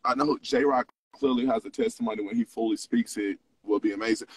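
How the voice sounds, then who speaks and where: A man's voice: mid-range voice, steady tone, a little fast, breathy edge, recorded from a distance, low-quality recording. A young man in his twenties hosting a livestream, mixing mock preaching with profane, confessional casual talk. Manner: profane, preachy, swings between teasing and confessional. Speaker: livestream host.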